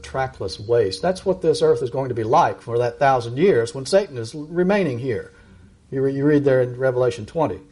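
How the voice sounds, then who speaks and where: A middle-aged man preaching a sermon, reading verses aloud with emphatic, rising delivery and slowing down on key lines. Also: darkish tone, slightly rough. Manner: emphatic, rises high when reading verses and slows down.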